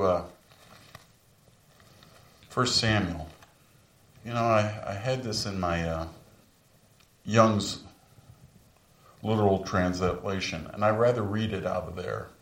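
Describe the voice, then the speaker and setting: A man in his sixties preaches slowly, often pausing, telling stories as a pastor and lifting his pitch when he wants emphasis. The recording is distant and full of room echo.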